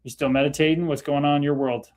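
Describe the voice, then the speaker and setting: A man with a Canadian accent chats casually on his livestream, greeting viewers by name and laughing easily. His voice sits a little on the high side and stays loose and talkative. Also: steady tone, quick pace, a little mellow. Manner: laid-back, chatty, laughs often, talks to viewers by name. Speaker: livestream host. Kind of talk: casual livestream chat reading comments.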